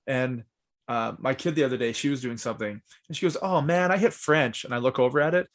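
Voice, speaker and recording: A man's voice: medium pitch, fast. Profane, storytelling male podcast host. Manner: animated storyteller, swears a lot. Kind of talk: casual chat.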